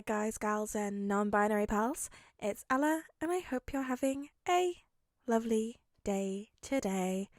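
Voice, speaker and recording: A woman reading fan fiction aloud as an audiobook, with a gentle, chatty manner. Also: on the high side, animated, measured pace, no echo, clean studio sound. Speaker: podfic reader.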